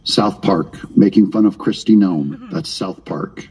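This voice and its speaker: A man's voice: low voice, measured pace, a little mellow, breathy edge. A man hosting a live-stream of political commentary, ranting sarcastically and calling on his chat directly.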